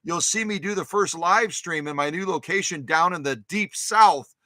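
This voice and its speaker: Man, live stream host, casual chat, rambling and upbeat, slightly high voice, dry close sound. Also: moderate pace, bright, forceful tone, dry recording. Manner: rambling and upbeat, repeats himself, many filler uhs. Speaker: host of a vintage sewing machine live stream.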